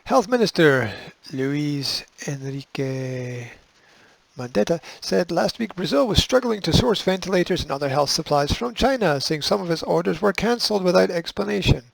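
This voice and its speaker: Gravelly man with sarcastic news asides. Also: sits high, lively intonation, moderate pace, no room sound, rough recording. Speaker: host. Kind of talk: reading news and commenting.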